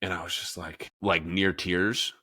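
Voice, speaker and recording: A man in his thirties talks through his own story on a casual podcast, rambling and circling back with plenty of fillers. His voice sits low but carries a bright, forceful edge. He sounds candid and reflective. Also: little pitch movement, a little slow. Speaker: podcast host, fitness coach. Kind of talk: candid conversational podcast talk.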